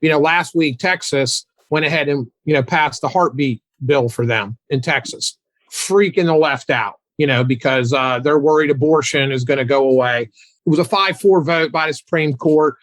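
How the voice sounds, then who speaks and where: A man in his sixties, a guest on a political talk show, animated and mocking as he talks. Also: normal speed, no echo. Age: 60s. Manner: animated, mocking, mimics opponents in high voices.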